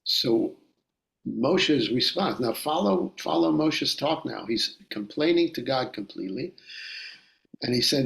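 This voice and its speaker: Man teaching torah study, gravelly voice, slow and careful, keeps repeating himself. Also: medium pitch, lively intonation, fairly bright tone, rough recording. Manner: deliberate, repeats and restarts phrases. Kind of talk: Bible study lecture.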